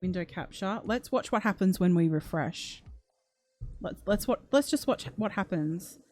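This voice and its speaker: A woman's voice: medium pitch, expressive, unhurried, a little mellow, soft background music. A woman hosting a true crime livestream in a chatty way, reading out comments and reacting emotionally, gasping and close to tears. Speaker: true crime channel host.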